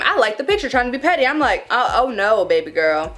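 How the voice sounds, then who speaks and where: A young woman in her twenties telling a casual storytime to her viewers, dramatic and animated, calling them y'all. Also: high-pitched, a little fast, few pauses, soft background music. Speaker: vlogger.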